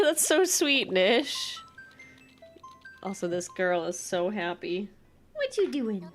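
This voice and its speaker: Chatty, excitable woman streamer. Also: mid-range voice. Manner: chatty and excitable, full of "like" and quick reactions. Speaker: live streamer. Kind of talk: casual chat while playing a game on stream.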